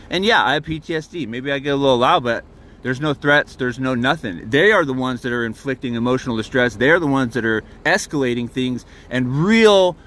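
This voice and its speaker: A fairly high-voiced man sits in his truck and talks into his phone. He is agitated and rambles through a long complaint. He swears freely along the way. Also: fairly bright tone. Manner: heated, rambling, swears often. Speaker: vlogger filming a confrontation. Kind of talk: agitated first-person recounting. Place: inside his parked truck. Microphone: handheld phone.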